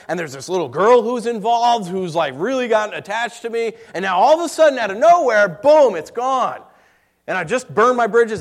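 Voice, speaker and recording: A man preaching a sermon, telling a personal story in an emotional way that swings between hushed and raised. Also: high-pitched.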